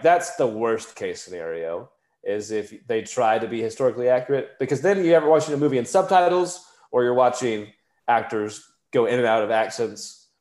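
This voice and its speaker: A man co-hosting a casual movie podcast, explaining his view in a measured way. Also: medium pitch, a little mellow. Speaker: podcast co-host. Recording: roomy echo.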